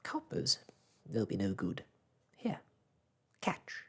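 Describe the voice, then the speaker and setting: A man voicing a small, bossy shooting star in a whispered role-play, with a sharp, impatient manner. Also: lowish voice, wildly swooping pitch, slow, slightly rough, full character voice. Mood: brisk.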